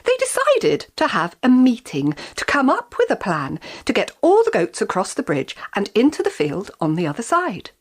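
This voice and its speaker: A woman storyteller telling a children's fairy tale in an expressive, animated manner. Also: fairly high pitch, normal speed, few pauses.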